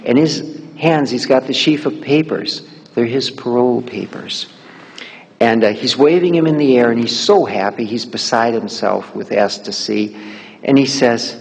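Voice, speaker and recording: A man telling a spiritual story in a gentle, unhurried way with soft chuckles, recorded with a long hall reverb. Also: medium pitch, creaky, slightly rough. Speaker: spiritual speaker.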